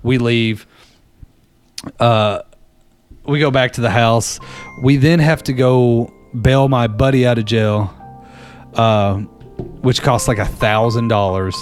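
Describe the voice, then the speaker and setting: A lively man calls in and spins a yarn in loose, everyday talk. He laughs often and slips into quick put-on voices for the people in his story. His pitch sits in a plain middle range, with faint music under him. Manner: animated, laughs often, acts out others' lines. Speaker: caller. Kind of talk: casual storytelling. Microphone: phone call-in.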